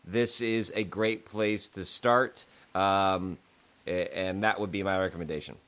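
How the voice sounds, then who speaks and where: A man who teaches English, co-hosting a casual comics podcast with enthusiastic, halting talk. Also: sits low, fairly even intonation, fairly bright tone, clean tone. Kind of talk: casual chat.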